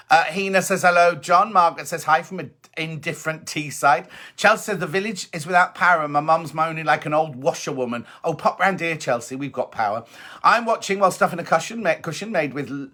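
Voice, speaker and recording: A man's voice: on the high side, pushed and bright. A middle-aged man hosting a casual live stream, chatty and teasing as he reads out viewers' messages. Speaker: host.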